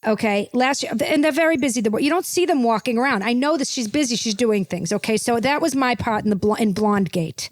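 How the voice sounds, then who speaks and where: A woman's voice: fairly high pitch, a little fast, hardly any pauses, no room sound, studio quality. A woman hosting a comedic podcast, rambling and gossipy, tacking "okay?" onto her points. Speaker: podcast host.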